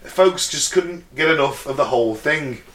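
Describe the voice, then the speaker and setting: A man's voice: fairly high pitch, lively intonation, moderate pace, a bit bright. English man co-hosting, echoey room. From England. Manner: laughs often, reads notes then riffs. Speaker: podcast co-host. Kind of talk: casual chat, reading out a case.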